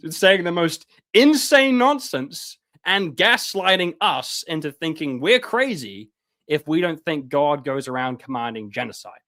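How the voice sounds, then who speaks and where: A man with a fairly high voice gives an impassioned live-stream lecture. He talks with heavy sarcasm, stacking ums and restarts as his points pour out. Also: very animated, a little slow, sharp tone.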